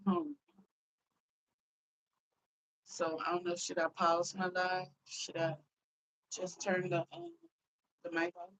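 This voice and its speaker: A woman with a low, deep-set voice talks into her phone on a live stream. She is chatty and heartfelt and calls her viewers y'all. She sounds like a young adult chatting casually with her audience. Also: flat delivery, unhurried, fairly bright tone, low-quality recording. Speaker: livestream host.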